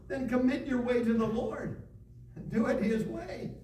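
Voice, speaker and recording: A man with a high, ringing voice preaches a sermon. He reads scripture and drives his points home with emphatic, repeated calls. He is heard from some distance in an echoey room. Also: unhurried, mellow, slight background noise. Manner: preaching with rising emphatic repetition, reading scripture aloud. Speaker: pastor.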